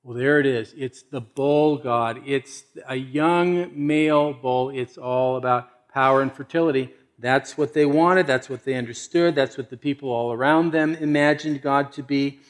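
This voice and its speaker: A man preaching a sermon and reading scripture aloud, swinging between loud emphasis and hushed asides. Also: mid-range voice, steady tone, normal speed, few pauses. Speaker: pastor.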